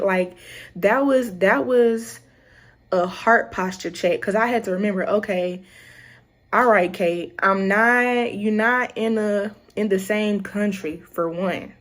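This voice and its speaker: A young woman with a Southern American accent talks casually to her viewers. She tells stories in an animated way and acts out the greetings she traded with people. Her voice sits at a middle pitch. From Southern United States. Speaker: vlogger. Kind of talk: casual chat.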